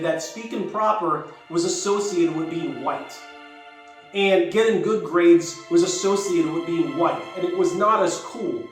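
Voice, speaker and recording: High-voiced older man in an echoey room. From Jamaica. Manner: reflective, rambling with frequent restarts. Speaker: YouTuber. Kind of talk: casual personal storytelling. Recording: very echoey room, distant mic, faint music.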